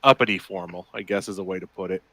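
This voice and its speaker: A man from the Midwestern US chatting casually on a podcast, laid-back and quick to laugh, sometimes mimicking accents. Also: low-pitched, sharp tone, dry recording. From Midwestern United States. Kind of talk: casual chat.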